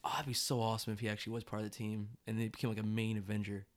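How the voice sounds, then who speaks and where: A man chatting casually, excitable and quick to laugh, often jumping in with questions. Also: on the low side. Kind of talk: casual chat.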